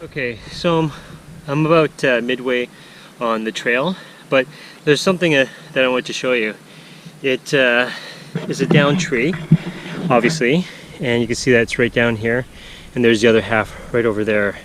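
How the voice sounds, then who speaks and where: A man's voice: medium pitch, moderate pace, a bit bright, a little hiss or hum, poor audio. A man narrating a casual canoe-trip vlog outdoors on a forest portage, rambling with many fillers and restarts. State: out of breath.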